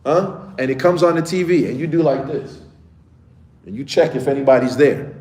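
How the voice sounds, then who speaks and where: A man's voice: mid-range voice, moderate pace, darkish tone. A man who is a teacher giving a casual lesson to children, often checking in with the class as he talks. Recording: echoey room with faint ambience.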